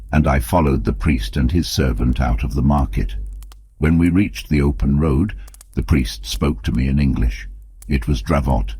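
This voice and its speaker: A man reading an audiobook as narrator in steady, measured scripted narration, on a close mic. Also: extremely low pitch, slightly rough, no echo.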